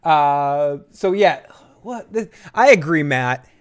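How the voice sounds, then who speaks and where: A man with a Boston accent chats casually on a live watch-along show. His voice sits a bit high for a man. He rambles into side stories and laughs easily along the way. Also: lively intonation. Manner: chatty, rambling, quick asides and laughs. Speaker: co-host.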